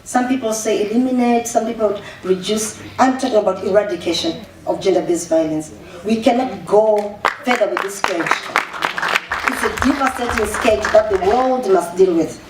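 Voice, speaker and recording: A Zimbabwean woman official giving an animated public speech, mixing English with Shona and restarting her sentences often. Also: mid-range voice, normal speed, crowd noise. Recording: echoey room, voice far from the mic, faint ambience.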